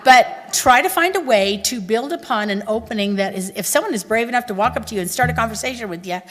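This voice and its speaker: A woman from Texas with a Texan accent, giving a chatty, animated conference talk and asking her audience questions. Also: mid-range voice. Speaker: conference speaker. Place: large conference hall. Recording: reverberant hall.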